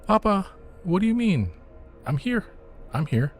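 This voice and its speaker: A man voicing a scared, clingy young boy with a Slavic accent, pleading in a high voice. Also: sing-song, a little slow, faint music behind.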